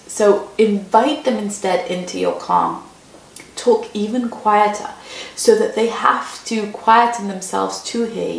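A woman who teaches parents, giving advice in a calm, measured, reassuring way. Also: medium pitch, vocal fry, echoey room. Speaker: parenting educator.

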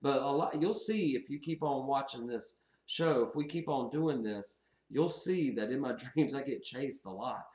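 Animated man telling a story in an echoey room. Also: mid-range voice, normal speed, few pauses. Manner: animated, laughs often while recounting. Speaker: channel host. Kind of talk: casual storytelling to camera.

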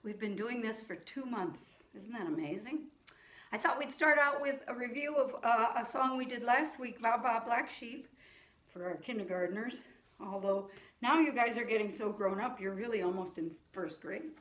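A middle-aged woman teaching young children in a sing-along music lesson, speaking gently and patiently. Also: fairly high pitch, moderate pace, roomy sound.

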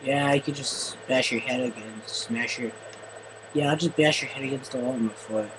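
A man doing excitable gameplay commentary, often yelling and swearing at the game. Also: medium pitch, normal speed, noisy background. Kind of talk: let's play commentary.

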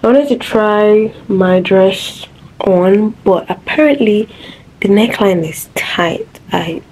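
A young woman vlogging from home to her phone, chatty and sassy with sudden high exclamations. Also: takes it slowly, a little mellow, a little hiss or hum, low-quality recording. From Nigeria. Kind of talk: casual vlog chat to camera. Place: home, indoors.

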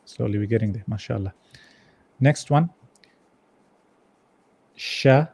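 A man's voice: medium pitch, steady tone, dark tone, breathy edge. Patient man teaching Arabic syllables. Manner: patient, drills each sound with slow repeats. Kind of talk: online class, leading students through syllables.

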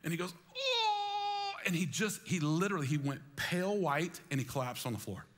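A man preaching a sermon with high energy, calling on the congregation to join in and repeating phrases for emphasis. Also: fast. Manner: energetic, calls on the congregation to respond. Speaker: pastor. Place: church sanctuary.

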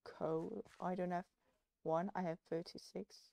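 Playful gravelly-voiced woman gamer. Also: fairly low pitch, flat delivery, unhurried, mellow, dry recording. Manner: playful, coaxing, baby-talks to animals. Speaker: gaming channel host. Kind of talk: casual let's play commentary.

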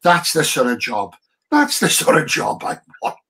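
A man's voice: fairly high pitch, huge pitch swings, normal speed, vocal fry, pushed and bright. A man chatting casually as a guest, telling stories in a wry, self-mocking way. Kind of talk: casual chat.

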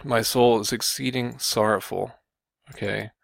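A man giving combative Bible commentary, often pausing on "okay" and "you know" to press his point. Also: medium pitch, fairly even intonation, vocal fry, no echo. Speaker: religious video commentator.

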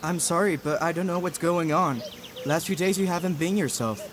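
A man's voice: fairly high pitch, moderate pace, noisy background, close to an everyday voice. A man voicing a young male farmhand in a dubbed film drama, apologetic and pleading. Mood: sheepish. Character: young male farmhand, sheepish then defiant.

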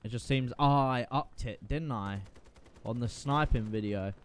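A man giving casual, profane, excitable commentary while playing a shooter game. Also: mid-range voice, measured pace, slight background noise. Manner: profane, excitable, self-mocking. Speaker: gaming video creator.

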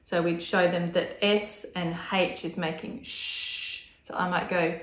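A fairly low, flat-voiced woman speaks at a measured pace in an echoey room. As a speech pathologist in an instructional video, she explains techniques and demonstrates sounds with careful, exaggerated enunciation.

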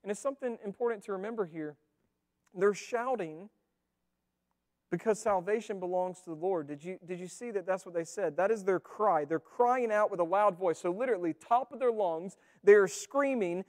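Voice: mid-range voice, moderate pace, darkish tone. Earnest preacher in a reverberant church. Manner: earnest, conversational preaching with rhetorical questions. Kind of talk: sermon. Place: church sanctuary. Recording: long reverb of a church hall.

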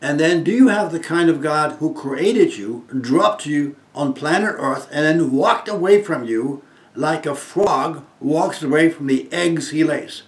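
Here an elderly German man in his eighties, invited as a guest speaker, gives an inspirational testimony with real earnestness, shifting between loud and softly hushed delivery. His voice is slightly high and a little slow, and the room has an echo.

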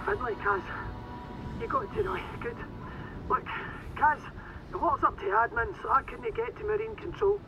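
A woman's voice: sits high, very animated, normal speed, long pauses. A woman with a Scottish accent voicing a tough, blunt rig worker speaking over a game radio. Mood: urgent. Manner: blunt, urgent, swearing. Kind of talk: video game voice acting. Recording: muffled noisy radio line.

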